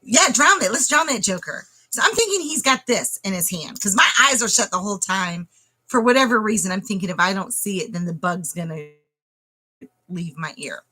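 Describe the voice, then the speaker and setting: Bright, lively woman telling a story. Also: medium pitch, a little fast, poor audio. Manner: animated, dramatic storyteller who addresses viewers directly. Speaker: homestead vlogger. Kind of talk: casual storytelling to camera.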